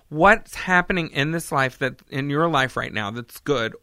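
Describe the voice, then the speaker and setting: Bright, rambling comedian host. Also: medium pitch, dry recording, studio quality. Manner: rambling, joking, excitable. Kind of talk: casual chat.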